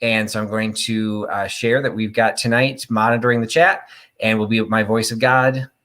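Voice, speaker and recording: A man's voice: fairly low pitch, fairly even intonation, normal speed, a bit bright. A middle-aged man from Illinois hosting a live online vintage sale, chatting in a rambling way and greeting viewers by name. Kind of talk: casual live-stream chat.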